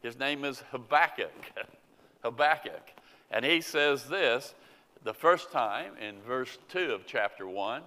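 A man preaching a sermon in a slow, earnest way, reading scripture aloud. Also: mid-range voice, animated, bright, forceful tone. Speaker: pastor. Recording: long church reverb.

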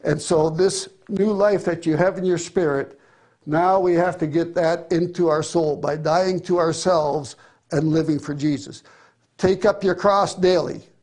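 Earnest male preacher, slightly high voice. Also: fairly even intonation, measured pace, darkish tone. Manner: earnest, emphatic scripture reading. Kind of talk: sermon.

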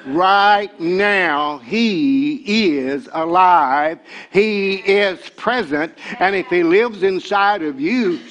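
An older man, preaching a sermon as pastor. He repeats words and builds to shouted excitement. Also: sits high, drawn-out words.

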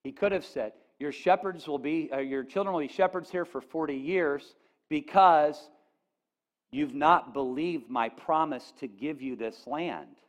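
A pastor preaching to his congregation, his voice pitched high for a man. He swings from quiet, confiding asides to loud, ringing declarations when he quotes Scripture, and checks in with the room as he goes. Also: a little slow. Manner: animated, rising to near-shouts on quoted lines; folksy asides, addresses audience with "okay?". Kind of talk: sermon.

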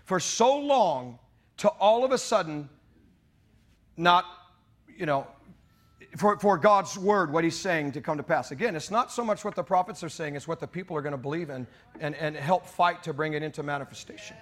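A man preaching a sermon as pastor, in an impassioned style that climbs into shouting. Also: on the high side, moderate pace. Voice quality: mock British voice for God's words.

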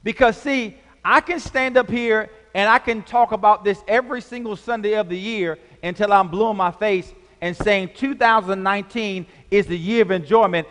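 High-voiced preaching man, echoing hall. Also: a bit bright. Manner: preaching with call-and-response, drawn-out emphasis. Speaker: pastor. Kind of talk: sermon. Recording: long hall reverb.

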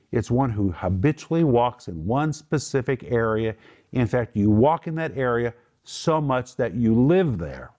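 A man's voice: medium pitch, dark tone. A middle-aged man teaching the Bible on a Christian broadcast, emphatic and lifting his voice when quoting scripture. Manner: emphatic, lifts voice for quoted words.

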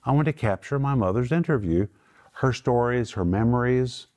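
A man's voice: mid-range voice, animated, moderate pace, darkish tone. A middle-aged man teaching from the Bible on a television program, emphatic and explaining Greek words step by step.

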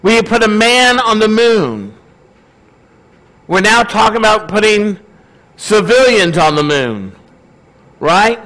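A man with a high-pitched voice delivers a sermon to his congregation. He talks in an easy, conversational way and keeps checking in with the room by asking questions. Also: lively intonation, takes it slowly, long pauses, fairly bright tone, low-quality recording. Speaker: pastor.

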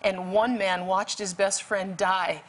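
Female guest, mid-pitched voice, earnest and emphatic storytelling in interview. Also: fairly even intonation, slow pace. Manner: vivid, emphatic retelling with bursts of urgency. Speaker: guest author.

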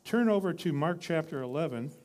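A man's voice: a little high, lively intonation, brisk, darkish tone. A man preaching a sermon in a conversational teaching style, reading scripture and building to emphatic repeated lines.

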